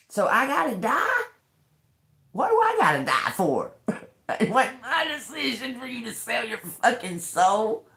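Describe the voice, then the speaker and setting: A woman tarot reader on a livestream, swearing freely and breaking into laughter. Her voice is gravelly and swings widely in pitch, and she talks at an unhurried pace in a roomy, echoing space. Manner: profane, laughing often, animated. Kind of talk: live tarot reading, casual ranting. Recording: roomy echo.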